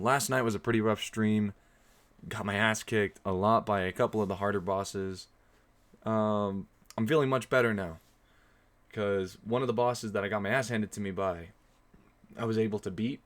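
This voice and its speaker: A young man commenting on his own horror-game stream in a slightly low voice. He rambles casually to his viewers, dropping lots of ums and restarts. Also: a bit bright.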